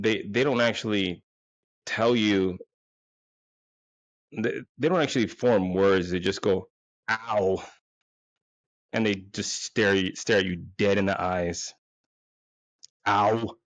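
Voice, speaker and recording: A man's voice: fairly low pitch, fairly even intonation, moderate pace, no room sound, muffled recording. A man in his forties, hosting with a crude, rambling, self-mocking comedic monologue. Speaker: podcast host.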